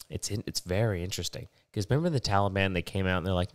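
A man's voice: low-pitched, moderate pace, clear, resonant tone, dry recording, clean studio sound. A young man hosting a podcast while sick with a stuffy, nasal voice, rambling casually and swearing often. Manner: rambling, profane, digressive. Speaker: podcast host.

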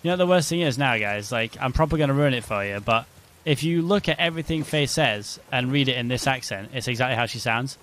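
A man's voice: medium pitch, lively intonation, fast talker, hardly any pauses, a bit bright. A man streaming a game, chatting casually and joking with his viewers. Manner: joking banter with chat. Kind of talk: casual live-stream chat.

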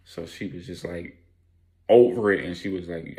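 A man telling a story casually in street slang, animated and adding sound effects. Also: deep voice, normal speed.

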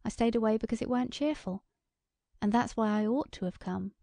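A woman's voice: a little high, fairly quick, warm tone, no room sound, natural voice. A woman voicing a plain-spoken, regretful rural farm wife in an audiobook. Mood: rueful.

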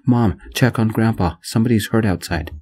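A man's voice: fairly low pitch, brisk, darkish tone, lightly acted. A man voicing a rugged man who gives curt, firm orders. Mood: commanding. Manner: curt, commanding.

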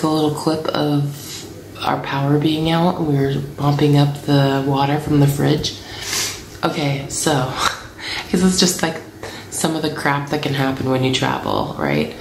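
A woman in her thirties telling a family travel story to camera in a chatty, animated way, acting out what people said. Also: deep voice, a little slow, roomy sound, slight background noise, poor audio. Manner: chatty, animated, acts out quotes.

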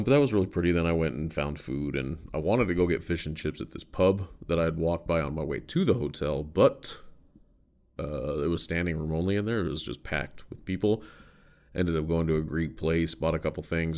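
A man's voice: extremely low pitch, a little mellow. An American man hosting a podcast, telling a story in a loose, rambling way with casual swearing. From United States. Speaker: podcast host.

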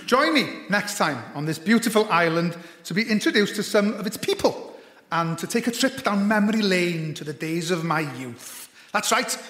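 Wry comedian in an echoey hall. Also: male voice, sits high. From Anglesey, Wales. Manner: wry, dry asides with deadpan pauses. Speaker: comedian host. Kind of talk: stand-up comic storytelling. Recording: echoey hall with long reverb.

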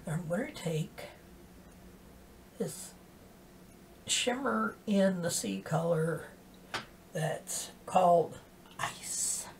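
A woman's voice: fairly low pitch, extremely slow, long pauses. A woman, chatting casually through a makeup tutorial and often dropping into half-whispers as she works. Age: 60s. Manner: soft-spoken, drifting into half-whispers while working. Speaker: makeup vlogger. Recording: distant mic with faint background hiss.

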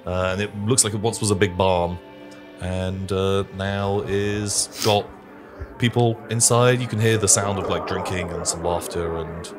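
Man game master, low voice, relaxed rambling narration, faint music behind. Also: unhurried.

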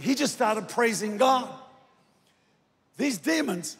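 A man preaching a sermon, moving between hushed storytelling and loud, shouted exhortation. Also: sits high, very animated, unhurried, gravelly, breathy edge. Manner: swings from soft sung phrases to loud shouted exhortation. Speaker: guest preacher. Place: large church auditorium. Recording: echoey hall reverb from a church stage.

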